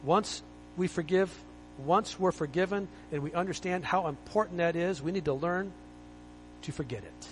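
A man's voice: high-pitched, normal speed, a little hiss or hum, low-quality recording. A man preaching a sermon as pastor, emphatic and exhorting, full of rhetorical questions.

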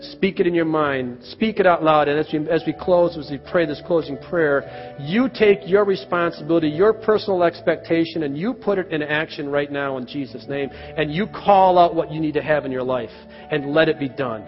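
Earnest pastor in a reverberant church. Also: male voice, on the high side, normal speed. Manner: earnest, rises loud when acting out quoted cries. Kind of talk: sermon and closing prayer. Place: church sanctuary. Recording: roomy church reverb, dull lo-fi sound, soft music behind.

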